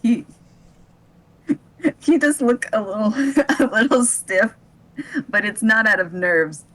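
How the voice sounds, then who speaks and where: A woman playing a tabletop role-play, chatting in and out of character, halting and laughing often. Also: a little high, animated, a bit bright, poor audio.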